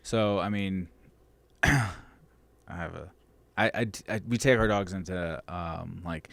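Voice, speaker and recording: Male dog trainer, podcast guest, low deep voice, emphatic and outspoken, swears in casual talk. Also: slow pace, vocal fry, fairly bright tone. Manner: blunt, emphatic, swears freely. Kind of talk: casual chat.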